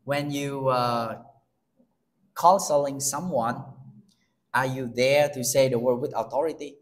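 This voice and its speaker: A male pastor with a Vietnamese accent preaching a sermon in non-native English, slow and emphatic. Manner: slow, emphatic preaching with lively pitch swings.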